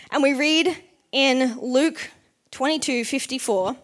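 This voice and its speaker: Chatty woman preaching, higher-pitched. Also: normal speed. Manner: chatty, uses "like" often, acts out quotes. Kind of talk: casual sermon.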